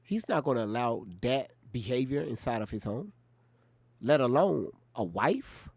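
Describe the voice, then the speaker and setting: A man's voice: mid-range voice, expressive, measured pace, creaky, a little mellow, no room sound. Casual male stream host reacting. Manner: talks to his viewers, emphatic and informal. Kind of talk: casual live-stream commentary.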